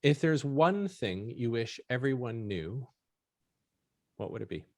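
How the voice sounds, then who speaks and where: Male interview host, encouraging, lively pitch, dry close-miked sound. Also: unhurried, dry recording. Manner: supportive, short affirmations. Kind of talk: interview questions and backchannel.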